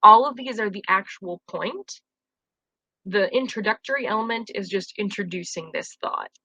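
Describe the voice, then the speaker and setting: A young woman talks through a recorded grammar lesson like a teacher addressing her class, friendly and explanatory. Her voice is bright and forward. The sound is close and dry, with almost no room around it. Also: medium pitch, normal speed, breathy edge, no echo, poor audio. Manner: friendly, explanatory, casual fillers.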